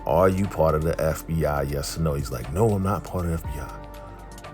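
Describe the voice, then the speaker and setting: A man with a low voice retells a TV episode scene by scene in a casual recap. He slips into the characters' lines as he goes, and faint music plays underneath. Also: normal speed, a little mellow. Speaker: TV recap host.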